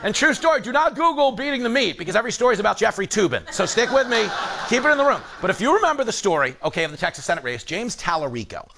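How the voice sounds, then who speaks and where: A man hosting a late-night comedy monologue, animated and joking, laughing at his own jokes. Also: high voice, very fast, vocal fry.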